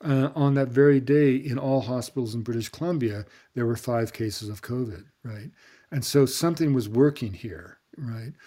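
A man with a middle-pitched voice speaks as an interview guest. His sentences are long and sweeping, delivered eloquently. He often lets his voice fall off softly at the end of a thought. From Canada. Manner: eloquent, sweeping, trails off softly at phrase ends. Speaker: guest anthropologist. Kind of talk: reflective storytelling in an interview.

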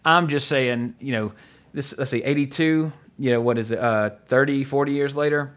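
A man with an ordinary mid-pitched voice hosts a casual podcast conversation. He rambles through his thoughts, piling up fillers and restarts and breaking into small laughs. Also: moderate pace, a bit bright. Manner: rambling, filler-heavy, with frequent chuckles. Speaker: podcast host. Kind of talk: casual film-review chat.

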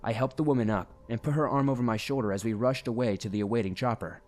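A man narrates a first-person horror story quickly, in a steady, grave tone at a middling pitch. Faint music plays beneath his voice the whole way through.

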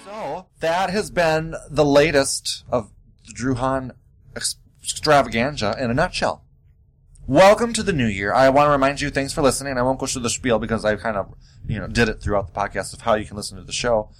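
A man hosting his own podcast, talking in a sassy, animated way with big jumps in pitch. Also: fast, poor audio. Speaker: podcast host. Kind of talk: casual solo podcast monologue.

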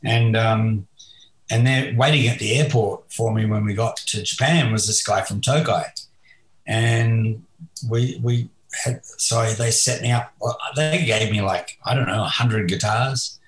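A man's voice: on the low side, a little slow. A man talking casually as a guest musician, rambling and hesitant with many fillers. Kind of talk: casual interview chat. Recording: roomy echo.

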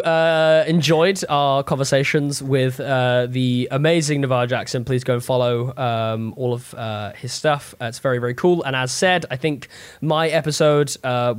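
A man hosting a casual podcast, playful and chatty, often repeating his words. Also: mid-range voice. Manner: lively, playful, repeats himself. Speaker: podcast host.

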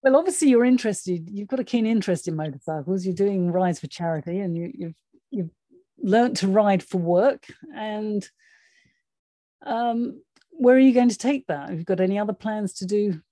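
Woman host, mellow tone, dry close sound, friendly and encouraging. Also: mid-range voice, moderate pace, no room sound. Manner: encouraging, laughs easily. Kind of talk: casual interview.

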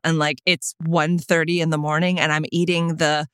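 A woman's voice: sits low, flat delivery, moderate pace, a bit bright, clean tone, no echo, studio quality. A woman in her thirties co-hosting a podcast in casual chat, playful and teasing, laughing often. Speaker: podcast co-host.

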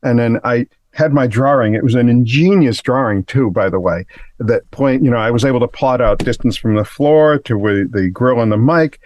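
Easygoing man, mid-pitched, rambling. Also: moderate pace, darkish tone, highs cut off, a little hiss or hum. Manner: easygoing, rambling, many "you know" fillers. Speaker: guest recording engineer and producer. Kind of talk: conversational interview storytelling.

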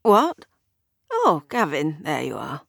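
A woman voicing a muddled, earnest old man who speaks gruffly and breaks off mid-sentence in a storybook reading. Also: sits low, wildly swooping pitch, slow pace, a bit bright, dry recording, clean studio sound, full character voice.

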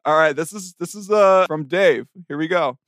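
Brisk man hosting a quiz, slightly high. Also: fairly bright tone, slight background noise. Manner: brisk, announcing, reads spellings slowly. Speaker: quizmaster producer. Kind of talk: running a game segment.

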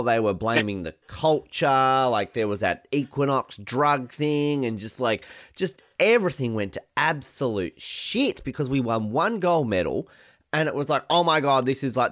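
Animated, teasing Australian man. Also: mid-range voice, no echo, studio quality. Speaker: podcast co-host. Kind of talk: casual sports chat.

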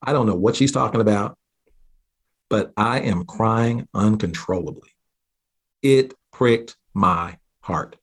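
Man from southeastern oklahoma, low voice, husky, earnest storytelling. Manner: earnest, halting restarts, slows down at key moments. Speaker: guest. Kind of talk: telling a personal story.

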